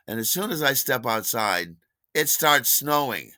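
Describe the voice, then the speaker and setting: A man hosting a podcast, telling a comic anecdote in an animated way and acting out the other people's lines. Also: medium pitch, moderate pace, no room sound, studio quality. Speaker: podcast host.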